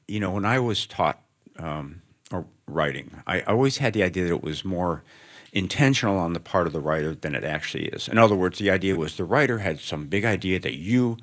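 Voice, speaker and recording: Deep-voiced man musing thoughtfully onstage. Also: fairly bright tone. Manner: thoughtful, rambling, self-interrupting. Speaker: writer guest. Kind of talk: onstage interview before students. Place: lecture room with student audience.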